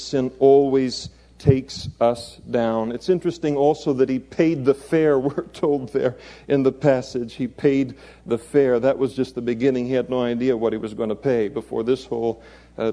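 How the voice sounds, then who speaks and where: A man's voice: medium pitch, warm tone. A man preaching an expository sermon in a conversational way, chuckling and adding playful asides.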